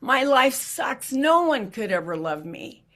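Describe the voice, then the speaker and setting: A woman voicing a despairing tall, skinny man who yells in anguish. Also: sits high, sing-song, unhurried, pitched above the performer's own voice, full character voice. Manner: yelling, anguished.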